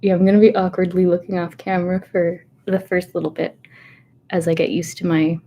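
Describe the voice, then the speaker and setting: A woman in her thirties rambles softly through a livestream chat, full of fillers and little asides. Her voice is warm and mellow, with a touch of nervousness, recorded at home on a webcam. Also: fairly low pitch, level tone, a little fast, a little hiss or hum. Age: 30s. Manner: rambling, chatty, self-interrupting with fillers. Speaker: ASMR host. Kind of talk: soft-spoken livestream chat. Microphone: webcam setup.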